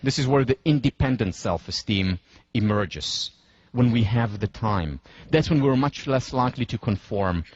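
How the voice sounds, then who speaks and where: A man lecturing in a deliberate, emphatic way, slowing down to stress key points and leading listeners through scenarios step by step. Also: medium pitch, animated, husky, dull audio. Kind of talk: university lecture.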